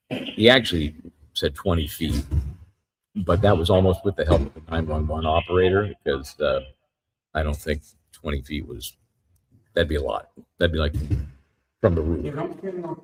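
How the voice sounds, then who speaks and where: A man giving a live courtroom recap as a trial reporter, retelling events in a halting, methodical way. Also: a bass voice, a little hiss or hum.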